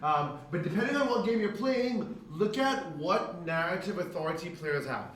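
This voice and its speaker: This man's voice is high-pitched, animated and a bit bright, moving at a normal speed. He's a presenter giving a chatty talk to game masters in an event space, ending lines with "right?" and performing quotes, heard distantly in an echoey hall with faint room noise.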